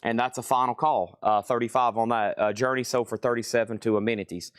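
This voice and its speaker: A middle-aged man hosting a live record sale stream, listing items and calling bids in a brisk, casual patter from a record store. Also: mid-range voice, fairly even intonation, smooth, dry recording, studio quality. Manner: brisk auctioneer-style listing, casual asides. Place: record store with crates and tables.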